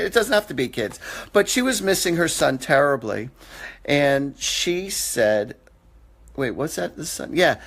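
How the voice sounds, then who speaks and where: Chatty joking male medium host. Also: fairly high pitch. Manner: chatty, joking, casual with swearing. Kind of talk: live-stream reading.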